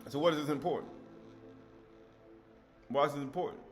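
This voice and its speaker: A man's voice: on the high side, a little fast, faint music behind. A man giving a scripture teaching, emphatic, repeating key words and asking rhetorical questions.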